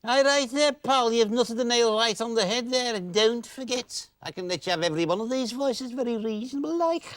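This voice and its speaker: A man playing a fast-talking, pushy salesman who sells voices, in a children's puppet show, with loud-to-hushed patter. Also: extremely high pitch, no room sound.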